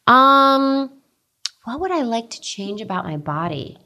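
A woman's voice: a little high, very animated, unhurried, sharp tone. A woman from New York's suburbs, an actress answering interview questions in a chatty, candid, self-deprecating way. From Westchester, New York. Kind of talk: casual interview chat.

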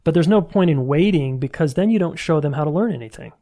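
A man's voice: on the high side, lively intonation, quick pace, warm tone. A man, a relationship coach, talking as a podcast guest in a candid, reflective way with plenty of fillers. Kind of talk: casual podcast conversation.

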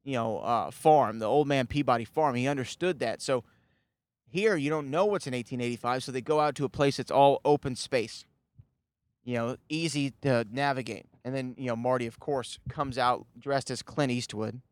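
A man's voice: medium pitch, moderate pace, no echo. A man hosting a podcast, casually recapping a movie in a rambling way, full of "you know" fillers and the odd chuckle. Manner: chuckles at his own remarks. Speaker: podcast host.

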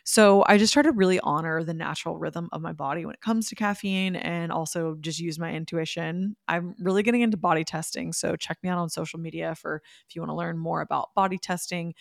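A woman's voice: on the low side, creaky, no room sound, clean studio sound. A young woman hosting a podcast, telling a casual story in a chatty way and laughing often. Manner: chatty, laughs often, spiritual wellness talk. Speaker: podcast host.

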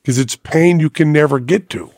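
A man hosting a podcast, telling a story in a casual, animated way and acting out other people's voices. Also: on the high side, moderate pace, no room sound, clean studio sound. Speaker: podcast host.

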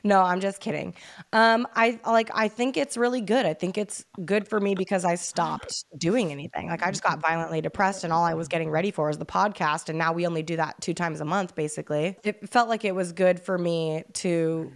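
A woman's voice: lowish voice, a little fast, vocal fry. A woman co-hosts a podcast in loose, casual chat. She is blunt and swears freely, with wry self-mocking jokes. Under the jokes she is grieving and fighting back tears. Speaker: podcast co-host.

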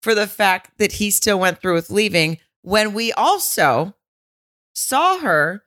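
A woman's voice: medium pitch, lively intonation, takes it slowly, fairly bright tone. A woman co-hosting a podcast, chatting casually and acting out quotes with some swearing. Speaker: podcast co-host. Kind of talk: casual chat recapping a reality show.

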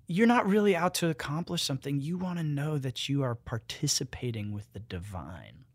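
A man, a guest author and musician, talking in an animated, joking yet earnest way in a casual conversation. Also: a little high, normal speed, dry recording.

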